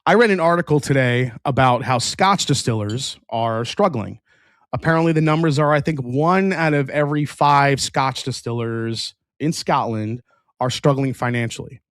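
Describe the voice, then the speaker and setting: A man's voice: mid-range voice, normal speed, a bit bright, no echo, studio quality. A man hosting a whiskey review livestream in a casual, rambling way, often restarting sentences and answering chat.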